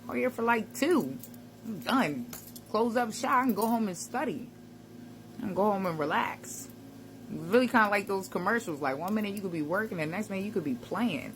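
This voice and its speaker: A woman's voice: mid-range voice, lively intonation, brisk, slight background noise. A woman giving a casual motivational talk to camera, conversational and reflective, with slang and frequent laughs. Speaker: self-help vlogger.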